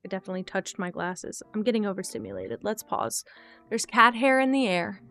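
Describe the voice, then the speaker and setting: A young woman chats casually on a live stream while gaming, candid and rambling as she thinks aloud and answers chat. Her mid-range voice has lively intonation, a little fast pace, vocal fry and a bit of brightness. Faint guitar music plays behind her.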